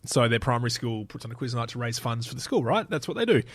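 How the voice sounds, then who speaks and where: A man's voice: mid-range voice, big pitch swings, fast, no echo. A man, co-hosting a podcast and telling a rambling story full of fillers and laughs. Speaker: podcast co-host. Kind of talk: casual storytelling chat.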